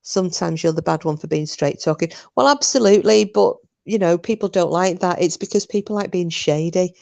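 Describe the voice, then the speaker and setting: A woman's voice: lowish voice, brisk, gravelly, mellow. A woman hosting a live chat with viewers, talking bluntly and casually, swearing freely. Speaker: livestream host chatting with viewers.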